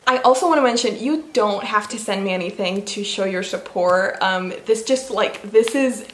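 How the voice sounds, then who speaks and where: A woman's voice: medium pitch, normal speed, few pauses. A young woman vlogging about books she was given, gushing and giggly, with lots of fillers. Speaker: book vlogger. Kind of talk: casual vlog unboxing. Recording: echoey room with faint noise.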